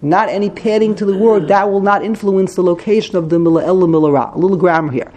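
Mellow-voiced man teaching a text class. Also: sits high, fast talker, muffled recording. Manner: thinks aloud, repeats and corrects himself. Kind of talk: text study lesson, explaining grammar.

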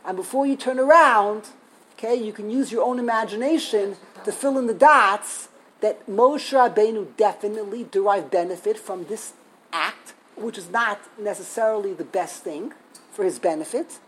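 A woman giving a storytelling Torah lesson, animated, acting out quotes and laughing as she tells it. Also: mid-range voice, normal speed, a little hiss or hum, low-quality recording. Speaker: Torah teacher.

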